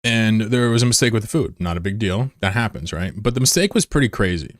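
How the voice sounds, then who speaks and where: A young man telling a story in casual, self-mocking chat, animated as he retells it. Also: on the low side, fairly quick, dry recording, clean studio sound. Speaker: streamer. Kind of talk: casual storytelling while gaming.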